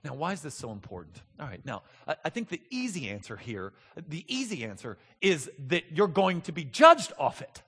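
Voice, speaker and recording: A man in his thirties preaching a sermon as pastor, moving between soft, intimate talk and loud, emphatic passages. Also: fairly high pitch, huge pitch swings, moderate pace, hardly any pauses, breathy edge, in a large hall.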